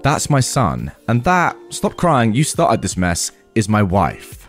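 A man doing a calm deep-voiced dad. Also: takes it slowly, faint music behind, heavily acted. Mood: calm firm. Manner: calm, firm. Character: calm deep-voiced middle-aged father.

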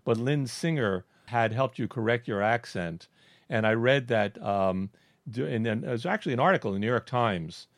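A man from Miami hosting an interview, asking questions in a hesitant, halting way with ums and restarts. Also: medium pitch, no echo, studio quality. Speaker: interview host. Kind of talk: casual interview chat.

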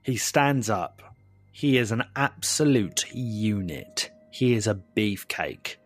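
A husky-voiced man runs a tabletop role-playing game, his pitch swinging widely as he narrates slowly and playfully. He laughs often between lines. Faint music plays in the background. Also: expressive. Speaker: game master.

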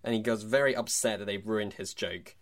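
A man co-hosts a relaxed film podcast, talking in a fairly low voice. His delivery is wry and chatty, and he often breaks into laughter. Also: a little fast. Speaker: podcast co-host. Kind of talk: casual film podcast chat.

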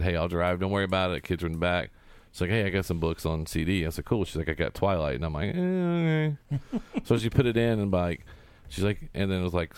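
A man in his thirties chats as a guest on a podcast, winding through long anecdotes and slipping into the voices of the people in them. His voice sits low and comes across smooth and resonant, recorded close and dry. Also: no room sound. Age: 30s. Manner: rambling storyteller who acts out quotes. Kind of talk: casual chat.

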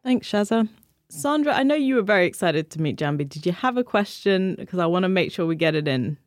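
A woman moderates the interview and guides it along in a friendly manner. Her voice sits on the low side. It is recorded close and dry. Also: expressive, fairly quick, no room sound. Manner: friendly, guiding the conversation. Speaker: host.

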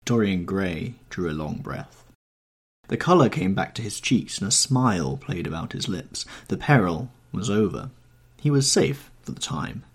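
Guy reading a classic novel aloud, low and gravelly, kinda husky, lots of ups and downs. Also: very animated, a little slow. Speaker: podcast host and reader. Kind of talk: scripted narration of a classic novel.

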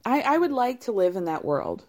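A woman's voice: a little high, very animated, a little fast. A young adult woman recapping a reality show in casual, wry chat, laughing often.

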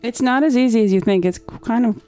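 A woman's voice: a little high, fast talker, dark tone, faint music behind. Chatty woman guest, easily sidetracked. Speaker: podcast guest. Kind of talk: casual chat.

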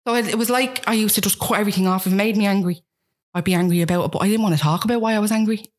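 Fast-talking Dublin woman, frank and self-mocking. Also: medium pitch. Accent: Dublin Irish. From Ireland. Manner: rapid, frank, self-mocking, acts out quotes. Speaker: guest. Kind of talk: candid personal storytelling.

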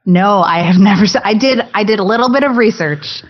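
A bubbly woman guest talks fast and cheerfully in an interview, tumbling through her thoughts with plenty of restarts. Her voice sits at an ordinary, middle pitch. Her manner is playful and self-deprecating. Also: dull audio. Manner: cheerful, babbling, quick to laugh. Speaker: actress guest. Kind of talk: casual interview chat.

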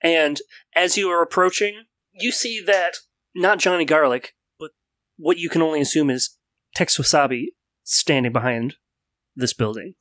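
A man runs a tabletop game in a bright, forceful, fairly high voice. He narrates scenes and calls for rolls between crude jokes with his players. The sound is close and dry. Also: normal speed, no echo. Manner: crude joking banter. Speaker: game master.

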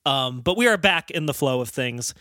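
A man's voice: medium pitch, animated, normal speed, sharp tone, no room sound, studio quality. A man co-hosting a casual podcast, joking around and laughing, then wrapping up the episode. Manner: jokey, chuckling, sign-off patter. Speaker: podcast co-host.

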